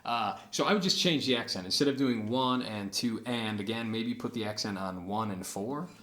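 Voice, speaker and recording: A guitar teacher with a fairly low voice gives a relaxed lesson at a steady pace. He explains patterns and counts the beats out loud while he plays, with acoustic guitar heard in the background.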